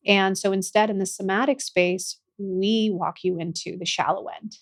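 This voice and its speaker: A young adult woman, guest on a podcast interview, speaking gently and earnestly about her healing work, at times getting emotional. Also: medium pitch, fairly even intonation, moderate pace. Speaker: guest, somatic practitioner and author.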